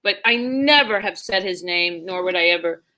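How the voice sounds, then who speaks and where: A woman's voice: fairly low pitch, moderate pace. A middle-aged woman comedian telling a bawdy story in casual chat, acting out the people in it. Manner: bawdy, animated, acts out quoted voices. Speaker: comedian guest.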